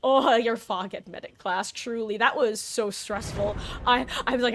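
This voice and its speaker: Speaking at normal speed with hardly any pauses, this woman has a fairly high voice, and there's slight background noise. She's gaming on a live stream, rambling chattily through stories to viewers and breaking into sudden shrieks.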